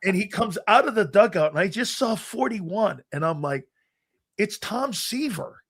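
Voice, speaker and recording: Animated middle-aged male sports host. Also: high voice, normal speed, slightly rough. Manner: animated storyteller, acts out his younger self. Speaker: show host. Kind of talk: casual sports talk, nostalgic storytelling.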